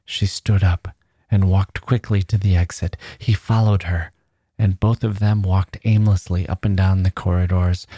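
A man reads a classic story aloud in a measured, unhurried way, sinking into a soft whisper at tender moments. His voice sits very low and has a dark, mellow tone. The recording is dry and close, with no room sound. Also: dry recording. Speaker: narrator. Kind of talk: audiobook reading of a classic story.

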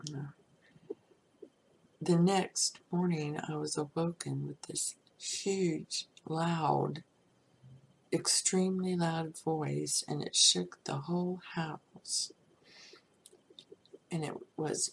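A middle-aged woman with a gravelly, fairly low voice tells her story in a rambling, personal way. She keeps dropping into breathy near-whispers and scattering "you know" through her sentences. A faint hiss of noise sits under the recording. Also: takes it slowly. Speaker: storyteller recounting a personal crisis. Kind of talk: personal testimony.

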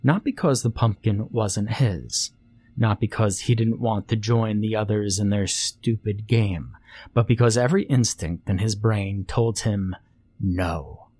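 Slow, husky-voiced horror narrator, a man. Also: lowish voice, steady tone, darkish tone, dry recording. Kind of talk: scripted horror story narration. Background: faint music.

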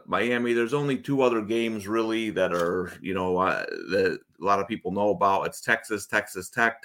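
Chatty low-voiced man hosting a betting stream. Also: a bit bright. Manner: chatty, rambling, frequent restarts. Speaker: sports betting show host. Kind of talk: casual betting talk on a livestream.

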